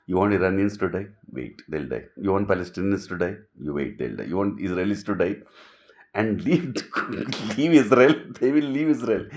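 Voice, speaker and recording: A middle-aged man with a lowish voice delivers an impassioned philosophical monologue. He's emphatic, repeating phrases and posing rhetorical questions, and swings between loud passages and near whispers.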